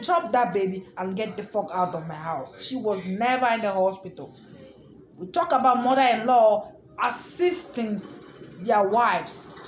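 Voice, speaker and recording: A woman's voice: on the high side, echoey room, slight background noise. A woman vlogger emotionally recounting a personal story, emphatic and defiant, often repeating herself. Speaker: vlogger telling her own story.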